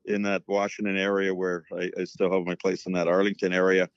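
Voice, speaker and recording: Man, middle-aged, casual storyteller, low voice, dry and muffled. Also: monotone, brisk, smooth, no room sound. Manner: rambling storyteller with many fillers. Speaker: guest, former hockey coach. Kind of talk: casual chat.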